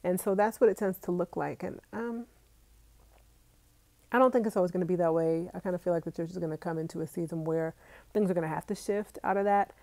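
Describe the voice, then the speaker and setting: A woman's voice: on the low side, quick pace, darkish tone, no echo. A young adult woman chatting casually with her viewers from home, reading out live comments and laughing often. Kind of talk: casual live-stream chat.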